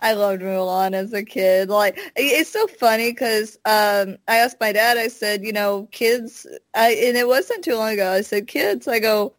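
A woman's voice: mid-range voice, normal speed, hardly any pauses, no room sound. A woman in casual chat, rambling through a story full of "like" and "I was like.".

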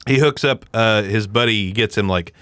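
A man hosting a podcast in casual chat, swearing freely and acting out the people he quotes in a high voice. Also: moderate pace, fairly bright tone, smooth, dry recording. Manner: profane storyteller who acts out quotes in a high voice. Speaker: podcast host.

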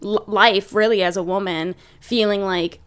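A woman's voice: mid-range voice, smooth. Young female podcast host; easygoing, reflective conversational read. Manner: relaxed, reflective, quick to agree and laugh along. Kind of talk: casual chat.

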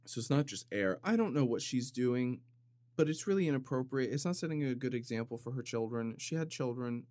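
A man hosting a comedic solo podcast, rambling in a deadpan way with sudden loud bursts and some vocal fry. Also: mid-range voice, a little fast, dry recording. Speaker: podcast host. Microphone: studio microphone.

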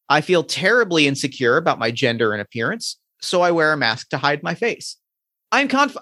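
A man hosting a tabletop game podcast, reading narration and chatting in a gushing, excitable way that trips over words. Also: fairly high pitch, no echo, clean studio sound. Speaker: game master and podcast host. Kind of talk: scripted narration and casual chat.

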